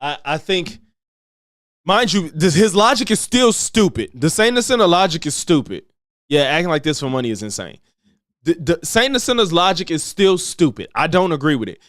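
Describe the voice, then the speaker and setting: A man giving casual reaction commentary on a stream, blunt and profane, with a fairly high voice. His tone is smooth and resonant, and the sound is dry and close. He often mocks the people he reacts to by imitating them. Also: very animated, normal speed, fairly bright tone, no room sound. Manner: blunt, profane, mocking impressions of others.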